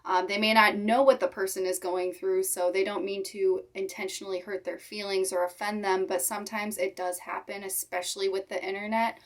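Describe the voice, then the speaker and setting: A young woman talking to her viewers in a personal vlog, speaking sincerely and haltingly while holding back tears. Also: mid-range voice, little pitch movement. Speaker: reptile keeper vlogger. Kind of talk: emotional personal vlog talk.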